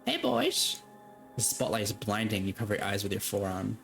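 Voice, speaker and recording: A man narrating a tabletop game as game master, casual and quick to laugh. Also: on the low side, flat delivery, faint music behind. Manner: casual, laughing, swears freely.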